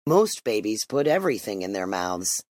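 A smooth-talking family doctor with a honeyed, soothing voice, pitched up and pushed out a little louder than plain narration, as a storyteller puts him on. His lines rise and fall in lively swings. The recording is close and dry. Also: moderate pace, no echo, close to an everyday voice.

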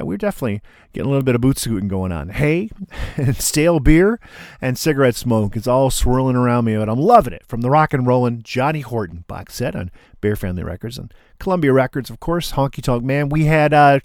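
A man's voice: mid-range voice, lively intonation, brisk, darkish tone, no echo, studio quality. A man hosting a radio music show, chatting about records in a laid-back, friendly way.

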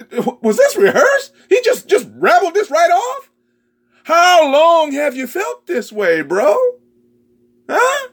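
A man preaching a sermon, prodding his listeners with repeated questions, stammering repeats and sudden shouted lines. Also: very high-pitched, wildly swooping pitch, slow. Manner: rhetorical, prodding the crowd with repeated "huh?"; stammering repetitions, bursts of shouting.

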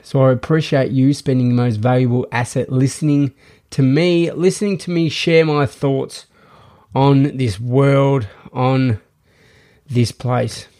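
A man's voice: medium pitch, steady tone, a little slow, mellow. Rambling man hosting a podcast. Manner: rambling, many restarts and fillers. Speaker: podcast host. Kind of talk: casual monologue.

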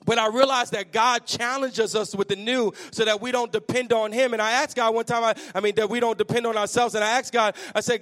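A man with an unusually high voice preaches a sermon as pastor. He tells lively, self-mocking family stories and then builds into fervent exhortation. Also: fairly quick, hardly any pauses. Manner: humorous, self-mocking asides.

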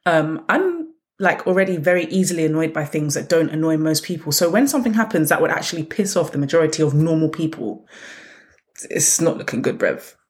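A woman's voice: low-pitched, quick pace, few pauses. Blunt sarcastic woman podcaster. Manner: blunt, sarcastic and animated storytelling. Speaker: podcast host. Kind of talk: casual solo podcast monologue.

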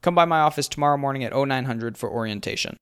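A man's voice: medium pitch, animated, fast talker, clear, resonant tone, pitched above the performer's own voice, lightly acted. A man voicing a chirpy, upbeat adult male prison camp warden in a spoken story. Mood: peppy. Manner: chirpy camp-counselor pep, whiny when crossed.

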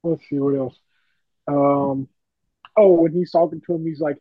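Higher-voiced guy swearing through a movie recap, muffled lo-fi mic, dry. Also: moderate pace, dry recording. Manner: animated, swears freely. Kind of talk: casual movie review chat. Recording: dull lo-fi mic.

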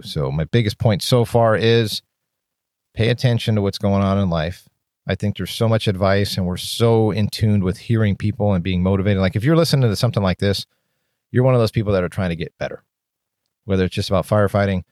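A man's voice: low-pitched, darkish tone, dry recording, studio quality. A man hosting his own podcast as a firefighter, talking openly and bluntly with casual swearing and rambling restarts. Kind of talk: candid solo podcast monologue.

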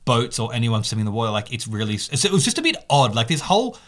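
A man co-hosting a podcast, telling a story in a lively, casual way with quick asides. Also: mid-range voice. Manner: animated storyteller, quick asides and reenacted quotes. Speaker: podcast co-host.

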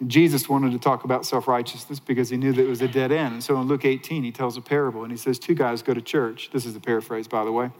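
A man preaching a sermon as a pastor, animated, rising to excited highs and dropping to hushed lows. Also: fast, hardly any pauses, in a large hall, rough recording.

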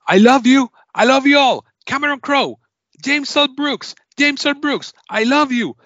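A man doing an impression of an ecstatic award winner yelling thanks over and over. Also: extremely high pitch, measured pace, no room sound, highs cut off, pitched above the performer's own voice, heavily acted. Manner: shrieking, repetitive, overjoyed.

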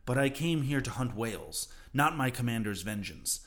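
A man's voice: mid-range voice, big pitch swings, moderate pace, fairly bright tone. A man voicing a cautious, level-headed male first mate who speaks earnestly.

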